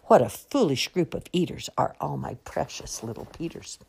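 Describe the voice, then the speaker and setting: Weary patient mother of seven, as a woman reads her, very low voice, gravelly, husky, fond sing-song sighs. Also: very animated, moderate pace, a little mellow, exaggerated voice.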